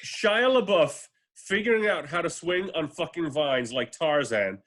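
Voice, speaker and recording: A man's voice: a little high, animated, a little slow, fairly bright tone. A man chatting casually as a podcast co-host over a remote call, rambling with fillers and swearing. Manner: rambling, profane, frequent fillers and restarts. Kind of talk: casual chat.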